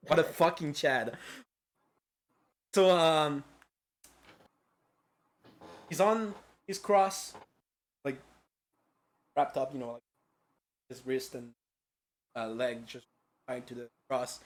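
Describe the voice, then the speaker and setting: A man's voice: medium pitch, fairly even intonation, slow pace, pauses often. A man streaming a casual lecture-style game recap, rambling and profane with lots of filler words.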